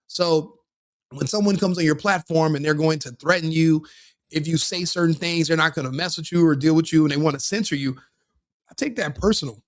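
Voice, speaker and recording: A man's voice: on the high side, fairly even intonation, fairly quick, no room sound, studio quality. A man hosting his own show, talking casually to his audience in a rambling way, restarting and correcting himself often. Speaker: podcast host. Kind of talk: casual solo commentary.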